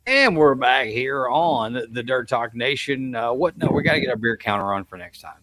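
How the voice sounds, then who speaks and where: A man's voice: medium pitch, expressive, normal speed, music in the background. A man hosting a casual racing podcast, loose and hearty, calling everyone man or brother. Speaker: podcast host. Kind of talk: casual chat.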